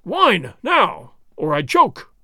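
A man's voice: sits high, wildly swooping pitch, moderate pace, no room sound, clean studio sound, heavily acted. A man voicing a big, blustering sergeant who roars and sputters. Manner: roaring, sputtering. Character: big blustering sergeant, loud and choking with rage.

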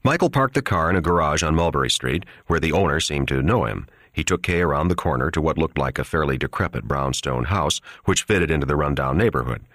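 A man narrating an audiobook in a steady, even storytelling manner. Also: extremely low pitch, a little fast, hardly any pauses, dry recording, studio quality.

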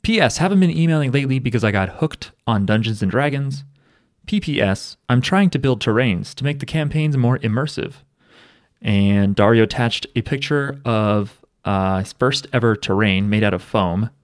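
A man's voice: medium pitch, animated, normal speed, no room sound, clean studio sound. A man co-hosting a podcast in casual chat, joking and rambling with fillers. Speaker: podcast co-host.

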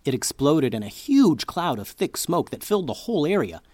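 A man narrating a kids' story in an animated storyteller's voice, his pitch rising and falling with lively swings. The read is dry and close to the mic, with no room sound. He hosts the show himself. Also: moderate pace, no echo. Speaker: children's story podcast host.

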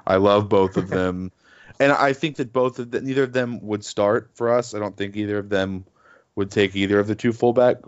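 A man's voice: fairly low pitch, fairly quick, clean tone, lo-fi sound. A man co-hosting a casual sports podcast, talking in a rambling, hesitant way with many fillers. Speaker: podcast co-host.

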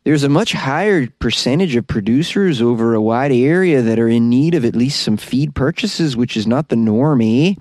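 A man's voice: medium pitch, animated, a little mellow, no echo, clean studio sound, lightly acted. A man voicing a gullible, cheerful Canadian in an exaggerated mock Canadian accent, ending his sentences with "eh". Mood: mock-earnest. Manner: tags sentences with a drawn-out "eh", sing-song.

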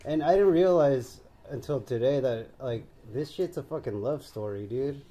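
Slangy dark-voiced man chatting. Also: medium pitch, normal speed. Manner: slangy, profane, animated, mimics film scenes. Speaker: podcast co-host. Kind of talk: casual movie review chat.

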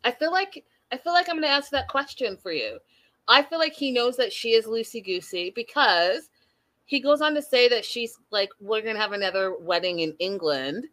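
A woman hosting a casual recap chat over a video call, animated and talking straight to her co-host. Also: on the high side, normal speed. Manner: animated, acts out quotes, addresses co-host by name. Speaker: podcast host.

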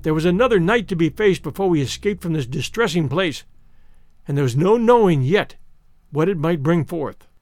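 Casual: guy reading a spooky old story, highish voice that moves around a lot, soft music underneath. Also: lively intonation, no room sound. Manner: measured, dramatic storytelling. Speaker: audiobook narrator. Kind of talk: scripted narration of a classic ghost story.

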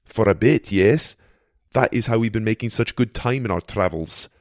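Man reading as a gruff fairy mentor, storybook: low, quiet and wry. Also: normal speed, no echo, clean studio sound, close to an everyday voice. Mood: patient.

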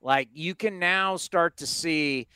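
A man hosts a baseball talk show, his voice sitting a little high and coming through smooth and clear. He talks in an animated, emphatic way, stacking up rhetorical questions. The sound is dry and close, with no room echo. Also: takes it slowly. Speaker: sports talk show host.

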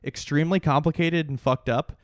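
A man's voice: fairly high pitch, steady tone, fairly quick, no room sound, clean studio sound. A young man co-hosting a podcast, rambling and opinionated, with lots of fillers. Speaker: podcast co-host. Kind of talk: casual chat.

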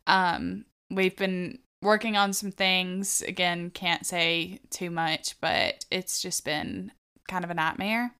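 A woman's voice: lowish voice, fairly even intonation, slow, sharp tone, clean tone. A young woman co-hosting a podcast, chatting casually and telling stories with lots of "like" and "um". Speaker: podcast co-host. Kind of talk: casual chat.

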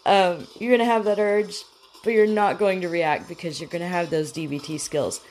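A woman's voice: fairly low pitch, fairly even intonation, moderate pace, a little mellow. A woman hosting a talk show, chatting frankly and casually, acting out the lines she quotes. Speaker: podcast host.

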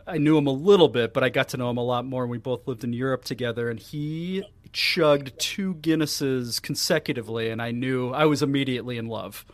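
A man's voice: medium pitch, fairly quick, few pauses, dry recording. Laid-back man hosting a podcast, dry sound. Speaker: podcast host. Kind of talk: casual chat.

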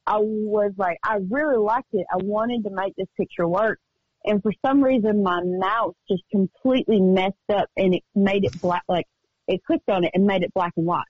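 A woman's voice: mid-range voice, steady tone, husky, dry recording. Upbeat woman guest rambling happily, mid voice, kinda dry and dull sounding. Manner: chatty, upbeat, quick storytelling. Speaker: guest singer-songwriter. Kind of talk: casual radio interview chat. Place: remote call from home studio.

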